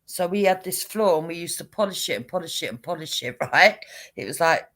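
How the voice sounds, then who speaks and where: Una mujer británica de mediana edad que cuenta una anécdota de forma informal e intercala risas y alguna palabrota en un programa de debate en directo. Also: female voice, on the low side, a little fast. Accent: British English. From Britain. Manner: lively storytelling, laughs often, swears casually. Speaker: panel guest. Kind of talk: casual anecdote on a live panel show.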